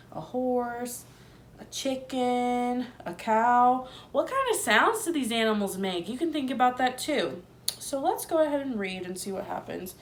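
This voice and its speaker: A female teacher gently and expressively reads a picture book aloud to little ones, asking them questions. Her pitch is fairly high, and there's a little hiss or hum in the recording.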